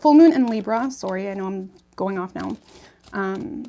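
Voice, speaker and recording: A woman's voice: mid-range voice, animated, moderate pace, vocal fry, warm tone, a little hiss or hum. Woman tarot reader, casual and chatty, talks straight to viewers with a mid-range voice. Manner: chatty, reassuring, many ums and okays. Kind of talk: casual tarot reading to camera.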